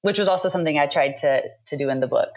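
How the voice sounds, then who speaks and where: A woman in her thirties, a book author speaking as a podcast guest, talking thoughtfully with frequent pauses. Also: low-pitched. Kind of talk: conversational interview.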